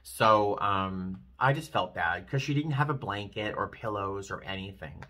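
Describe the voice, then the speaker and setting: Rambling emotional man with bright tone. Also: fairly low pitch, unhurried. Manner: rambling, emotional, self-deprecating. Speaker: flight attendant vlogger. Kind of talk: casual vlog talk to camera.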